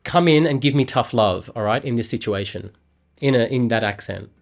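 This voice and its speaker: A man's voice: mid-range voice, normal speed, gravelly. An Australian man vlogging, chatting playfully with an AI in a rambling way that often trails off. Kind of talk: casual chat with an AI.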